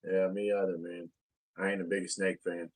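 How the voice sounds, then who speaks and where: A man's voice: low-pitched, little pitch movement, normal speed. A man, co-hosting a casual podcast chat, crude and boastful, often laughing at his own jokes. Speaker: podcast co-host.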